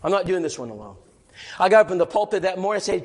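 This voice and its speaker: A male preacher teaching a lesson through an animated story, often repeating words as he goes. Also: high voice, fast, husky.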